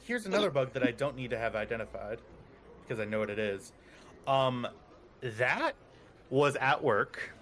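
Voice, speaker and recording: A man chatting casually and then narrating as game master, rambling and animated with many fillers. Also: mid-range voice, normal speed, long pauses.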